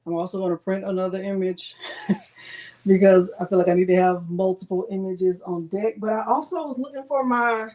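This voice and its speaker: A woman's voice: mid-range voice, fairly even intonation, normal speed, a little mellow, slight background noise. A woman with a Southern US accent hosting a casual crafting livestream, thinking aloud and joking with viewers. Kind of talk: casual live chat.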